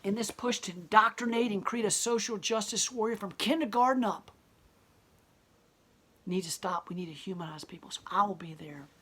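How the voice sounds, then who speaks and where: A woman's voice: mid-range voice, normal speed, fairly bright tone, breathy edge. A woman who owns a gallery speaks bluntly and defiantly in an impassioned interview monologue. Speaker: gallery owner and protester.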